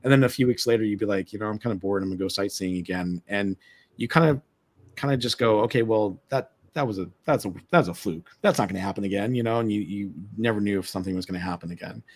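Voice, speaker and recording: A man, a former tour guide, telling an excited story on a live stream, repeating words and acting out what people said. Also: fairly low pitch, quick pace. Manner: excited, repeats words, acts out quoted lines. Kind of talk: animated storytelling. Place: remote live stream call.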